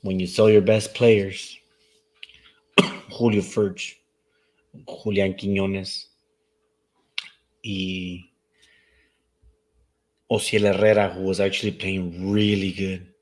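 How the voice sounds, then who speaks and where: A young man hosting a relaxed sports chat show, talking in a loose, rambling way. He drifts between English and Spanish mid-sentence. His voice sits on the lower side. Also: slow, long pauses, poor audio. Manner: mixes Spanish into English, laid-back and rambling. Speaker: talk show host.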